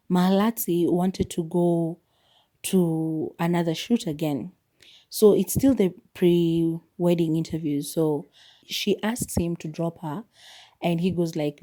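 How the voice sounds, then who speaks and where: Woman podcast host, chatty film recap, mellow warm voice, lowish pitch. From South Africa. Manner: animated storytelling, retelling scenes with quoted lines.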